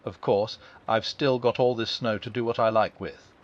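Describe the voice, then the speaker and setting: A man reading a storybook aloud and voicing a melancholy, sardonic old grey donkey in a slow, mournful way. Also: fairly even intonation, dull audio, close to an everyday voice. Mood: gloomy. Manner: slow, mournful, low-voiced.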